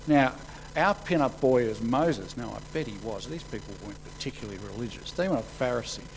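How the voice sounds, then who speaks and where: A man preaching a sermon, acting out the quotes he reads with sudden rises in pitch and volume. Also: brisk, a little hiss or hum, low-quality recording. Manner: animated, acts out quotes with sudden jumps in pitch and loudness.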